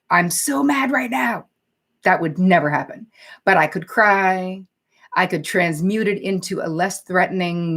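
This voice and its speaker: A woman therapist talks straight to her live viewers with a slightly low voice. Her manner is candid and conversational, with casual swearing. She stops now and then to read out viewer comments. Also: a bit bright. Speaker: psychotherapist and show host. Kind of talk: live-streamed talk to viewers.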